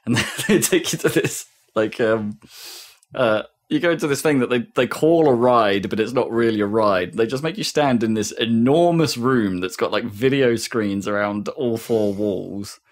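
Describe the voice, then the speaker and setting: A man's voice: mid-range voice, normal speed. A man co-hosting a podcast, telling a rambling, laughing story in casual chat. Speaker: podcast co-host.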